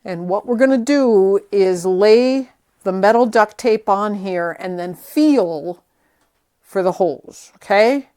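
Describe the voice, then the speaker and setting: A woman's voice: medium pitch, slow, warm tone. Chatty woman narrating a craft project. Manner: chatty, self-talking while working, nervous. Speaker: vlogger restoring a vintage tree. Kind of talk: casual hands-on how-to narration.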